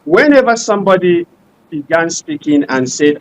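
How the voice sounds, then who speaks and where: A man's voice: a little high, lively intonation, brisk, rough recording. A man making an impassioned, rhetorical case as a panel guest in a debate.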